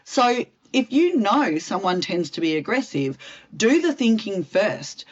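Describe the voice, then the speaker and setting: Woman, communications expert, direct and expressive, mid pitch, dull muffled sound. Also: a little slow, breathy edge. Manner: direct, expressive, acts out example lines. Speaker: communications specialist. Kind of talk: interview answers, expert advice.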